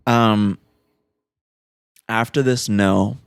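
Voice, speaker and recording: A man's voice: fairly low pitch, fairly even intonation, extremely slow, gravelly, smooth, no echo. A man co-hosting a podcast, chatting casually about a movie in a loose way, swearing and saying "like" a lot. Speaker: podcast co-host.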